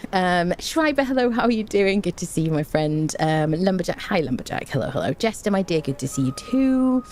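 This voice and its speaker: A woman's voice: lowish voice, darkish tone, slight background noise. A woman streamer greeting her chat in a rambling, playful way, with fun made-up words, from a home room with an open window. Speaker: game streamer. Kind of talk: casual livestream chat. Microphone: desk microphone. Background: fan blowing.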